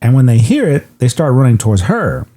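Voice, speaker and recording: A man co-hosting a podcast, recapping a film in a loose, joking way. His pitch swings widely as he tells it, and his tone stays mellow and relaxed. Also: a little fast. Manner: retells the plot at length, loose and joking. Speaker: podcast co-host. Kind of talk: casual movie recap chat.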